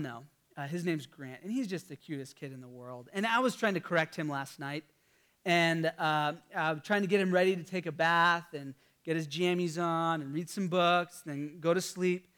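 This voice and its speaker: A man's voice: high-pitched, fairly bright tone. A man in his thirties, a pastor, preaching a sermon in a conversational storytelling way, with fillers and restarts.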